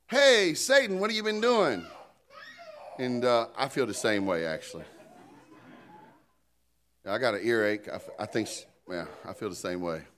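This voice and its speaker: Animated joking preacher man, lively pitch. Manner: animated, joking, conversational preaching with call-and-response. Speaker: pastor. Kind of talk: sermon.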